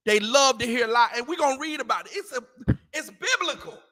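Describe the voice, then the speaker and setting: A man talking casually in a scripture class, animated and mocking, acting out the voices he quotes. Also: extremely high pitch, a little fast, in a large hall. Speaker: class teacher.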